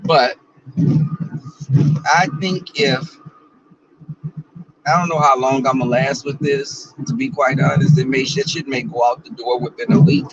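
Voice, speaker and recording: A man's voice: mid-range voice, measured pace, long pauses, far from the mic, lo-fi sound, a little hiss or hum. A man, chatting casually and bawdily to viewers while he drives. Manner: chatty, bawdy and playful, talks to viewers and reads out their comments. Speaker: vlogger. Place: in a car.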